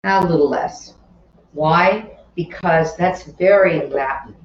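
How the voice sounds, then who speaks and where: A woman's voice: sits low, fairly even intonation, measured pace, a little hiss or hum. A woman leads a cooking demonstration, talking unhurriedly through each step with friendly asides. She sounds a little far from the mic in a roomy kitchen, with a dull tone and faint clatter of pots and dishes behind her. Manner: chatty, explains each step while working, with asides. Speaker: cooking instructor. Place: home kitchen.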